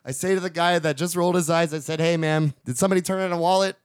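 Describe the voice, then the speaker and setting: A man's voice: a little high, steady tone, fast talker, clear, resonant tone, dry recording. A man chats on a podcast in a small studio, his voice sitting a bit above the usual male range. He rambles through a long anecdote full of swearing, acting out quotes and breaking into laughter. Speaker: podcast host. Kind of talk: casual storytelling chat.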